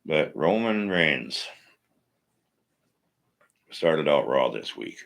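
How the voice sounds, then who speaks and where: Gravelly deep-voiced man ranting. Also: sing-song, extremely slow, fairly bright tone. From Minnesota. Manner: blunt, ranting, profane, opinionated. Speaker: wrestling podcast host. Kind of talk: casual live-stream commentary.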